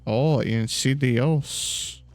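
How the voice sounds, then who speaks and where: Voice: medium pitch, extremely slow, darkish tone. A streamer chatting casually during a gaming livestream, playful and jokey, with sudden silly roars and sing-song bits.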